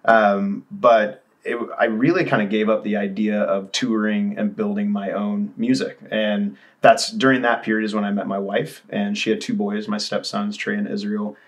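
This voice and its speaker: A man's voice: on the low side, little pitch movement, normal speed, few pauses. A man in his thirties, a musician guest, telling his story candidly in a casual interview, rambling with restarts.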